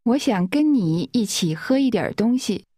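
A woman modeling phrases in a language course drill with slow, careful pronunciation. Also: fairly high pitch, animated, mellow, slightly rough, no room sound, clean studio sound.

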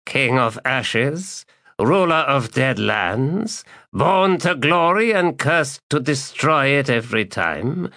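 A man doing a thin rasping ancient Jaghut. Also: medium pitch, expressive, slow, bright, forceful tone, dry recording, clean studio sound, pitched above the performer's own voice, heavily acted. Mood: mocking. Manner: weary, sardonic.

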